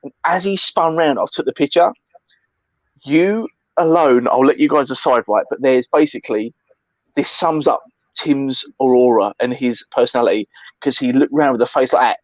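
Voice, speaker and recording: A man co-hosting a casual chat, telling stories with animated energy, acting out other people and swearing freely. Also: mid-range voice, normal speed, no echo, lo-fi sound. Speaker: co-host.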